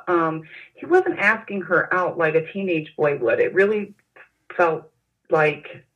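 A woman recalling events in an interview, speaking haltingly with frequent pauses and fillers. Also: fairly low pitch, expressive. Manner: hesitant, halting with many fillers. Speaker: interview guest. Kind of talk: personal recollection in an interview. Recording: dull lo-fi sound.

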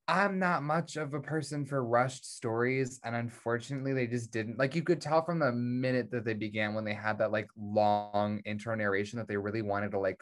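A man co-hosting a casual review podcast, talking bluntly and swearing freely. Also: mid-range voice. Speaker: podcast co-host.

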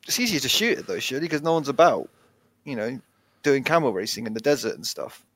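A man co-hosting a podcast in casual chat, lively and reading out tips from a list. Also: medium pitch, fast talker, no echo. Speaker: podcast co-host.

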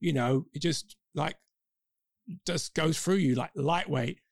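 A man's voice: on the high side, slow pace, gravelly, dry recording, studio quality. A man from London with a Cockney accent, co-hosting a podcast in casual, jokey, rambling chat. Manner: jokey, rambling, playful asides. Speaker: podcast co-host.

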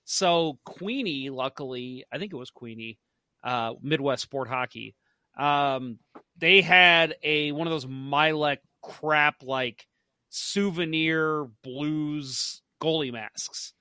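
Animated storytelling man, bright dry voice. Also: on the high side, slow, clean tone, no echo. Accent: St. Louis. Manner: animated, acts out his own quotes. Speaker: podcast co-host. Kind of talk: casual storytelling chat.

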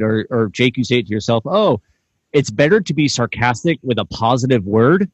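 A man talking as a guest on a casual podcast, pushing his points with motivational emphasis. His voice sits at an ordinary middle pitch. The sound is dry and close, with no room around it. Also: animated, a little fast, dry recording, lo-fi sound. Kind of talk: casual podcast chat over video call. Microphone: video call.

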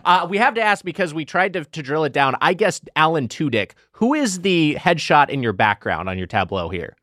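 A man co-hosts a podcast with quick, teasing banter. His pitch moves expressively. The room sound is dry and close. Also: very animated, a bit bright, no echo. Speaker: podcast co-host. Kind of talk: casual chat.

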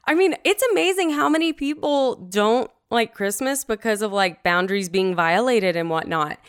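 A woman's voice: a little high, animated, normal speed, clear, resonant tone. A woman co-hosting a podcast, chatting playfully and animatedly about a film. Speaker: podcast co-host. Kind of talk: casual movie discussion.

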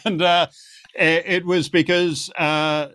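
A man guest in an interview, telling animated anecdotes and acting out the voices of the people in them. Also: on the high side, slow pace, smooth. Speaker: guest commentator. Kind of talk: storytelling interview chat.

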